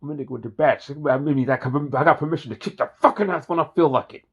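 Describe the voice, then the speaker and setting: A man imitating a brash, swaggering male street cop who talks low and cocky, on a dull lo-fi recording. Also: quick pace, breathy edge. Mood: menacing.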